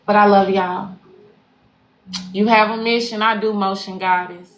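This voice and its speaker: A woman's voice: mid-range voice, steady tone, measured pace, lo-fi sound. A woman spiritual life coach closing a live stream, slangy, affirming and profane, repeating phrases for emphasis. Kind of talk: live-stream sign-off to followers. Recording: echoey room with faint background noise.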